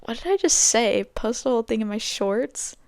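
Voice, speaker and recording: A woman hosts her podcast in a casual, rambling way, often losing her train of thought and laughing at herself. Her voice is smooth and clear, and the sound is dry and close. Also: fairly high pitch, expressive, moderate pace, darkish tone, dry recording. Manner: giggly, self-mocking, scatterbrained. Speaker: podcast host.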